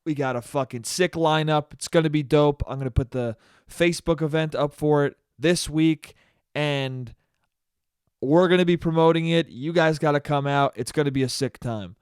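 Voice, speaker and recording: Young man, podcast host, profane animated rant, high voice, dry close sound. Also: normal speed, clear, resonant tone, dry recording. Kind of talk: solo comedic podcast rant.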